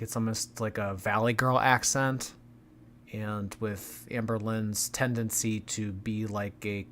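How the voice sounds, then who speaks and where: A male commentary host speaks slowly and deliberately, dropping sarcastic, mocking remarks as he reacts to a vlog. A faint background hiss sits under his voice. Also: on the low side, a bit bright. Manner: dry, mocking asides.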